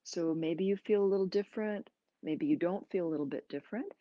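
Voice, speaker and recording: A woman yoga teacher guiding a breathing class in slow, gentle, soothing instructions with pauses. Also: lowish voice, no echo, muffled recording. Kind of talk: guided breathing and movement class.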